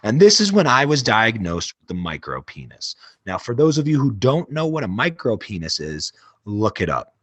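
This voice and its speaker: A man's voice: on the low side, normal speed, breathy edge, no room sound. Crude young man telling wild comic stories. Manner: crude, deadpan exaggeration. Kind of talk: absurd comic storytelling.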